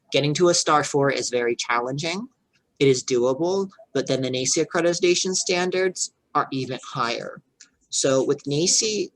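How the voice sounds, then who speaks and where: A man, a childcare director, giving an earnest, explanatory online workshop over a video call and pausing to check for questions. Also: mid-range voice, a bit bright, low-quality recording.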